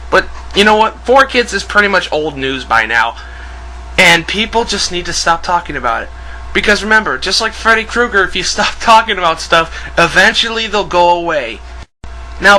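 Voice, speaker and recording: Brief: high-voiced man ranting to camera, sharp and strained, sarcastic and foul-mouthed. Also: rough recording. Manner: angry, profane, sarcastic. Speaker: video ranter. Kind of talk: ranting video commentary.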